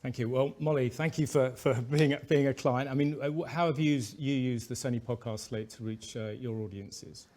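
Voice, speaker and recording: A man hosting a business panel, introducing guests and asking questions in a friendly, slightly halting way. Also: medium pitch, fairly even intonation, a little mellow. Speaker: panel host and executive.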